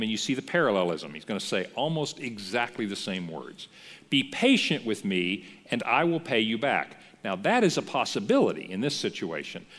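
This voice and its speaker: A male pastor teaching a church class, telling the story with animated asides and acting out what the characters say. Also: medium pitch, in a large hall.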